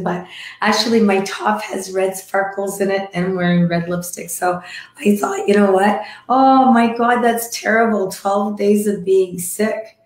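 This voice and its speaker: A woman with a croaky, hoarse voice from croup, chatting casually with viewers on a live stream and greeting them by name. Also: mid-range voice, a little mellow, echoey room. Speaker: livestream host. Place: decorated home room.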